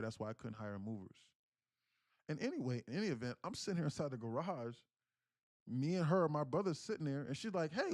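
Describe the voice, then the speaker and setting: A man's voice: medium pitch, a little mellow, no room sound, studio quality. Profane, emphatic man ranting on a livestream. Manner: profane, emphatic, repetitive restarts. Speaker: day trading livestreamer. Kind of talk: livestream storytelling rant.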